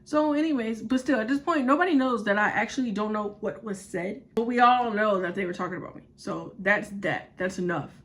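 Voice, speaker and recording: A young woman vlogger tells a story in an animated, blunt way with lots of swearing. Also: medium pitch, a little fast, hardly any pauses. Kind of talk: casual storytime vlog.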